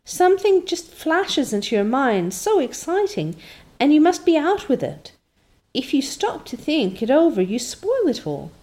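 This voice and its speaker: An eager, talkative orphan girl, as a woman reads her, pitched high above the reader's own voice. She sounds breathless and dramatic, imploring with every phrase in a storybook reading. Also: very animated, measured pace, darkish tone. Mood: excited. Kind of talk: audiobook character voice.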